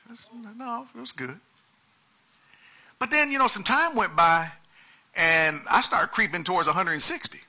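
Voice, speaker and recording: Bright, animated man preaching. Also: a little high, moderate pace, pauses often. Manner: animated preaching, swings from soft asides to loud emphasis. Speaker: pastor. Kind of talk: sermon.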